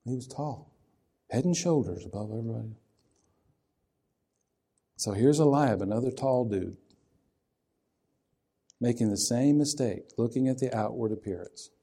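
Male preacher, mellow tone, folksy sermon delivery that asks the listeners questions. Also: medium pitch, a little slow, long pauses, slightly rough.

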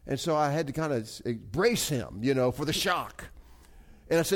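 This pastor's voice is a little high and expressive as he earnestly tells a story during his sermon, repeatedly halting to restart and moving between soft asides and emphatic rises.

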